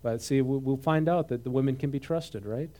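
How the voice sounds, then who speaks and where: A man's voice: medium pitch, a little fast. A man preaching a conversational sermon. He reads scripture aloud, adds his own comments and keeps asking the congregation questions. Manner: animated, asks the audience questions, mixes reading with comment. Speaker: preacher teaching a Bible passage.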